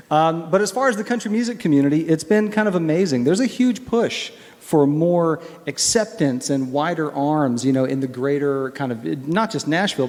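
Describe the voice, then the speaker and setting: A man from Texas speaks in a slightly high voice, telling stories with earnest, animated feeling. His words ring with a long reverb, as in a large hall. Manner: earnest, animated storyteller who gets choked up. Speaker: guest singer answering questions. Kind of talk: candid Q&A conversation.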